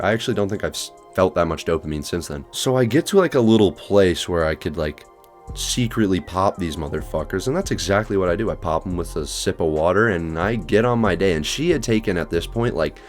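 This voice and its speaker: A young man with a very low voice tells a storytime on his vlog, loose and slangy, swearing freely as he goes. Faint music plays under his talk. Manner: profane, slangy, animated storytelling. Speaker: vlogger telling a personal story. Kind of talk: casual storytime monologue.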